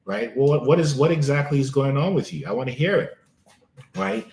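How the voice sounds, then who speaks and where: A man's voice: mid-range voice, expressive, moderate pace, creaky, a little mellow, roomy sound. A man hosting a live coaching stream, talking emphatically to listeners and repeating his key phrases.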